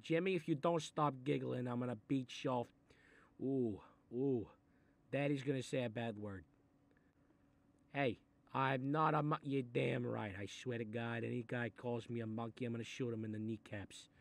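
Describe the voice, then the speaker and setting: A man voicing a short-tempered Italian-American mob boss who grumbles, swears and threatens, in a comedic animated role. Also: medium pitch, moderate pace, lightly acted. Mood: gruff menacing. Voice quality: gravelly, threatening. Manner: grumbling asides, sudden angry outbursts, swearing. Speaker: mob boss reading a children's book.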